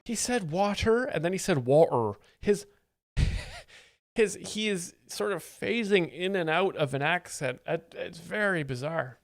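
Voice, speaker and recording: Streamer guy making dry amused asides, slightly high voice, dead dry close mic. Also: unhurried, gravelly, no room sound. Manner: wry, chatty, amused asides. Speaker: host explaining jokes. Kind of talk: casual reaction commentary.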